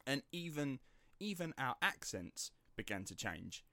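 A man's voice: medium pitch, sing-song, a little slow, sharp tone, dry recording. A man with an Estuary English accent, hosting a podcast and telling a story in a chatty, casual way with some swearing. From Essex, England. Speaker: podcast host.

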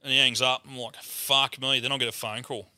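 A young Australian man, a guest comedian, telling a loud, animated story full of swearing and acted-out voices. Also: mid-range voice, brisk, smooth.

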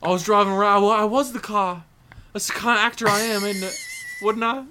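A man's voice: high voice, steady tone, fairly quick, sharp tone, slight background noise, pitched above the performer's own voice. A man doing a comic impression of a boastful older British film actor, in a wobbly fake London accent, tagging every line with "isn't it?" or "wasn't I?". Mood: smug. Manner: tags lines with "isn't it?" and "wasn't I?". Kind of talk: comic impression in a podcast chat.

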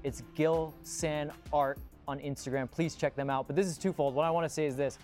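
A man's voice: a little high, fairly even intonation, fairly quick, darkish tone, faint music behind. A man co-hosting a soccer talk show, chatting enthusiastically and speaking straight to viewers. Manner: enthusiastic, talks to viewers directly. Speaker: co-host. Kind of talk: casual sports chat.

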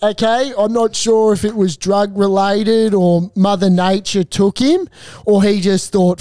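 A man's voice: sits high, steady tone, a little slow, mellow, no room sound. A young Australian man co-hosting a podcast, telling crude rambling stories with plenty of swearing. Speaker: podcast co-host. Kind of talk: casual banter.

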